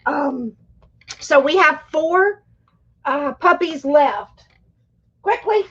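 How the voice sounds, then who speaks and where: A woman's voice: high voice, extremely slow, fairly bright tone, highs cut off. A woman chatting casually to viewers on a live stream, her throat irritated and coughing. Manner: chatty, talks straight to viewers. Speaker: livestream host; schoolteacher.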